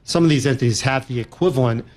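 A man answering interview questions as an industry analyst, in a measured way with frequent restarts. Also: medium pitch, a little mellow.

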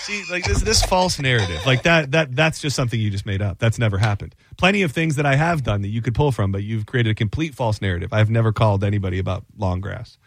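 A man's voice: medium pitch, quick pace, few pauses, no echo. A man in his thirties co-hosting a talk show, telling rambling stories and acting out what people said. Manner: rambling, animated storyteller who acts out quotes. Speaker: radio show co-host. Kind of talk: casual banter storytelling.

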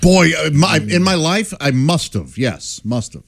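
A lively joking radio co-host man. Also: on the high side, a little slow, gravelly. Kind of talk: casual morning radio banter.

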